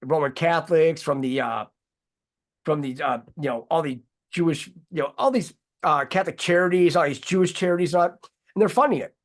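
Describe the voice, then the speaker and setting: A man's voice: on the high side, moderate pace. A man hosting a casual talk show, talking in long, heated, rambling runs and swearing freely. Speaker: host.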